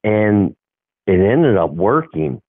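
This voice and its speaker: A man's voice: lowish voice, big pitch swings, slow pace, dry recording. A middle-aged man, a hockey coach, telling a rambling story in casual talk and acting out the dialogue. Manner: rambling, acts out quoted dialogue. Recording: tinny phone-like line, dry.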